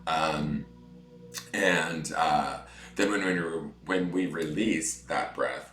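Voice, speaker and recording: A man with a deep morning voice, chatting on a tarot livestream and guiding a breathing meditation. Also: very slow, fairly bright tone, roomy sound. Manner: chatty, reads viewer comments aloud. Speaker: tarot reader.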